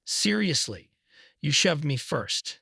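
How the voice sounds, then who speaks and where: A man's voice: on the high side, very animated, slow pace, vocal fry, bright, forceful tone, breathy edge, dry recording, clean studio sound, heavily acted. A man voicing a tall, broad-shouldered stranger who speaks bluntly and indignantly.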